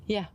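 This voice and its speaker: A woman in a casual vlog, talking to herself in a tired, chatty way from inside her car. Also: darkish tone. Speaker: vlogger.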